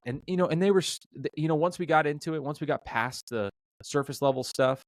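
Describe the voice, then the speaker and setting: A middle-aged restaurant owner telling a story in a conversational interview, animated, acting out the dialogue, with many fillers and restarts. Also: male voice, fairly high pitch, brisk, dry recording. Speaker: restaurant owner, podcast guest.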